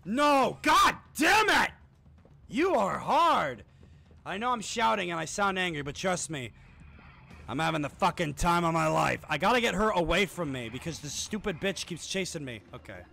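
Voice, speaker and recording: A man streaming a horror game live, talking to himself and shouting and swearing at the enemies chasing him. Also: on the high side, animated, fairly quick, creaky. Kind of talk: live gameplay commentary.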